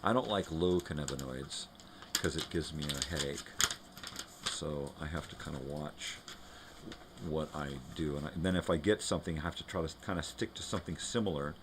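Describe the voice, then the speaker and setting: A man's voice: a bass voice, normal speed, noisy background. A man hosting a live morning show from home, chatting loosely and rambling, turning now and then to talk to his dogs. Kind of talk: casual rambling chat.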